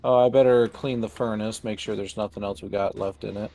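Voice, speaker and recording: A man's voice: lowish voice, fairly even intonation, a little fast, dark tone. Easygoing man calling out game progress. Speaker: gamer. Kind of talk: casual co-op gameplay chat.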